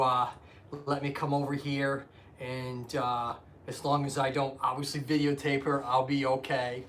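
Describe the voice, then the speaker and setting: A man's voice: fairly high pitch, a bit bright, a little hiss or hum. Chatty man with a raised voice. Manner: chatty, greets viewers by name, rambling asides. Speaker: physical therapist and live streamer. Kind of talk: casual live stream chat and anatomy explanation. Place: indoors at home.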